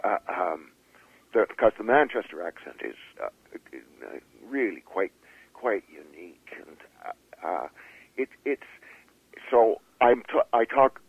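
Author guest, male, husky lowish voice, hesitant with lots of ums, heard over a tinny phone line. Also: sing-song, no room sound. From Canada. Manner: halting, many fillers and restarts. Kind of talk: interview conversation.

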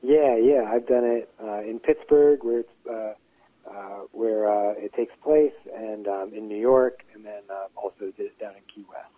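Guest playwright, male, halting and filler-heavy, on a narrow phone line. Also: fairly low pitch, dry recording. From Western Pennsylvania. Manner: hesitant, many fillers and restarts. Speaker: playwright and actor, interview guest. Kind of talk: casual interview talk. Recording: tinny phone-line audio.

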